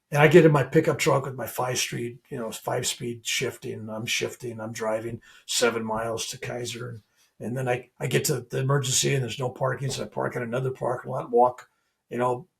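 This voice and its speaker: An older man with a gravelly, creaky voice tells a story as a podcast guest. He sits at a middle pitch and stays animated, acting out the exchanges in his story. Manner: animated, acts out dialogue in retellings. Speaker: guest, reverend.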